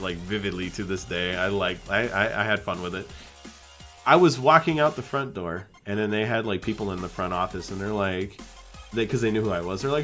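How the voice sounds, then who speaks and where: A young man streaming live, chatting casually and acting out the people in his stories in a higher voice. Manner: animated storyteller, acts out quotes in a higher voice.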